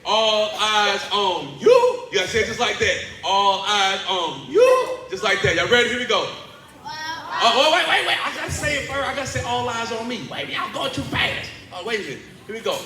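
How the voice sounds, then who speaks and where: A man with a high, bright voice works a children's assembly in a large school hall. He is playful and animated and keeps coaxing the kids into call-and-response. The sound bounces around an echoey room with a faint hum underneath. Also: fast talker. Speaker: motivational speaker and teaching artist.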